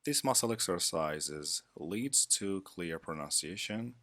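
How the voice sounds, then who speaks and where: Deep-voiced, slow-talking male English teacher. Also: expressive, bright, forceful tone, dry recording. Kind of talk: scripted lesson narration.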